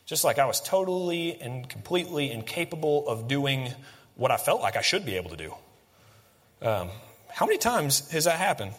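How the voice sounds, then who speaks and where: Man, pastor, chatty animated sermon, bright voice, long hall reverb. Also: mid-range voice, normal speed. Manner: conversational, animated preaching with fillers.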